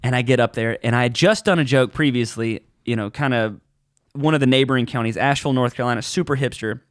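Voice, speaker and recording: Animated male comedian, dry close mic, chatty storyteller who jumps into voices. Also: medium pitch, fast, no room sound. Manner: animated, acts out voices in his stories. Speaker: podcast co-host, comedian. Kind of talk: casual storytelling chat.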